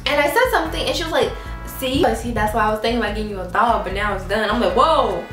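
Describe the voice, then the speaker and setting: Animated young woman telling a story. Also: on the high side, very fast. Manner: animated, dramatic, mimics mom, laughs often. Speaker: vlogger. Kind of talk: casual storytelling vlog. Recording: echoey room, mic at a distance, faint music.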